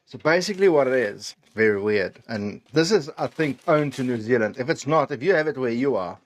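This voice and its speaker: A man's voice: medium pitch, lively intonation, a little fast. A man from South Africa chatting casually as he tastes and rates food, rambling and trailing off mid-sentence with self-deprecating asides. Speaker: food vlogger. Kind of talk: casual food-tasting chat.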